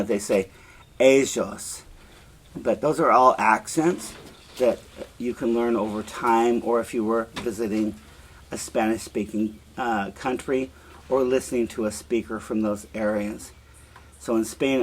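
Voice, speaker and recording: A man teaching a Spanish class, slowly repeating verb forms for students to echo. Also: medium pitch. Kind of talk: classroom lesson with drills.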